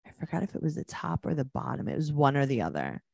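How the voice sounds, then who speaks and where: A woman with a low, deep voice that swings widely as she chats, sarcastic and animated as she acts out what people said. Her voice is close and dry, with no room sound. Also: quick pace, creaky, breathy edge, no echo. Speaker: podcast co-host. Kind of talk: casual chat recapping a reality show.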